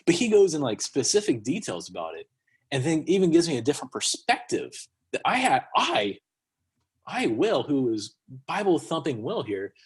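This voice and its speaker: Husky man telling a lively story. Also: fairly high pitch, normal speed. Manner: animated, acts out quotes. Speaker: podcast guest. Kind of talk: casual storytelling conversation.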